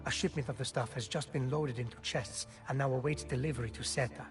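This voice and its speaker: A man's voice: medium pitch, fairly even intonation, quick pace, faint music behind, close to an everyday voice. An actor playing a businesslike male thief lieutenant who briefs the hero on a plan in a game cutscene. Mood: briefing. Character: male Venetian thief lieutenant, brisk planner. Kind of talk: video game cutscene dialogue.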